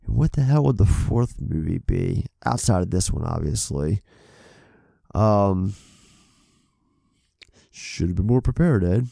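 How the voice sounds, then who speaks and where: A man's voice: deep voice, animated, a little slow, gravelly, long pauses, warm tone, no room sound, studio quality. A man co-hosting a podcast in casual, rambling chat, swearing freely and poking fun at himself. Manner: profane, rambling, self-deprecating. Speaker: podcast co-host.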